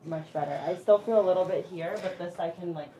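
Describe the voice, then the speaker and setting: A woman's voice: on the low side, a little fast, mellow, slight background noise. A woman chatting casually as a chiropractic patient, filling her talk with "like". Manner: chatty, with many "like" fillers. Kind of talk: casual chat during treatment. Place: chiropractic treatment room.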